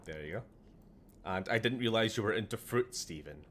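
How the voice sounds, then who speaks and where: A man's voice: lowish voice, lively intonation, a little fast, fairly bright tone. A Welsh man giving casual, jokey commentary while streaming a game, laughing often. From Wales.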